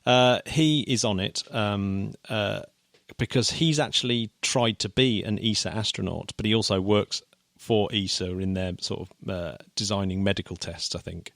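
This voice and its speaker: Animated podcast host. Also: male voice, on the low side, normal speed, gravelly, dry recording, clean studio sound. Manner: animated, laughing easily, many restarts. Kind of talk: casual chat.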